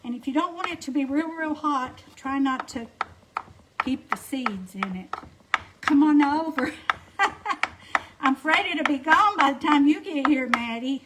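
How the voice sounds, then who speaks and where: A woman's voice: sits high, lively intonation, unhurried. A middle-aged woman with an Alabama Southern accent, chatting folksy and easy while she cooks at home on a livestream and greets viewers by name. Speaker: home cooking livestream host. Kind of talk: casual cooking livestream chat. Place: home kitchen. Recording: noisy kitchen with clattering dishes.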